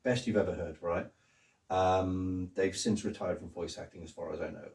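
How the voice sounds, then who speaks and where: A man in his sixties hosting a casual interview, telling stories in an animated way. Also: low voice, moderate pace, creaky. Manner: animated storyteller who slips into impressions. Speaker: host. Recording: echoey room, mic at a distance.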